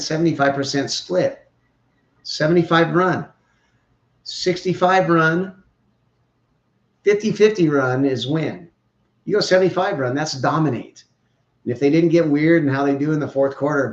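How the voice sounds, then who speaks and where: A man's voice: a little high, normal speed. A man hosting a podcast, giving opinionated, rambling, joking sports commentary. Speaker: podcast host. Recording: roomy, dull lo-fi sound.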